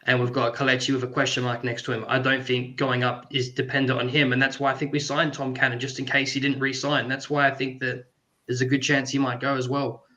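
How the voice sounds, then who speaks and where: A man talks football quickly and flatly over a video call, with a bright, forceful tone. He sets out his view in a matter-of-fact way. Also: medium pitch. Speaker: guest pundit. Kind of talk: casual football chat.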